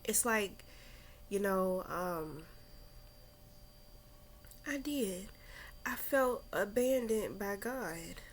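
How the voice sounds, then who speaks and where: In a candid personal vlog, a young adult woman reflects on her spiritual struggles, and her emotion is audible. Her medium-pitched voice is expressive, her speech slow and wandering with lots of fillers and restarts, over a little hiss or hum.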